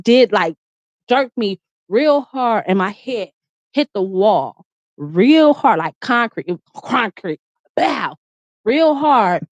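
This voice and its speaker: A woman's voice: medium pitch, dry recording. A woman vlogger in her bedroom telling a personal story in casual, candid, profane speech, full of "like" and restarts. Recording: dry, slightly dull lo-fi sound.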